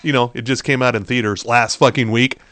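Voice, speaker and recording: Man, podcast co-host, blunt, profane, news rundown, smooth clear voice, dry sound. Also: mid-range voice, steady tone, a little fast, a bit bright, no echo. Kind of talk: casual podcast chat.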